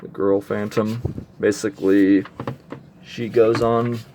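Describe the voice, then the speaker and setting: A man's voice: fairly low pitch, little pitch movement, slow pace, a little mellow, slight background noise. A man casually reviewing a comic book, rambling with many fillers and restarts as he reads through it aloud.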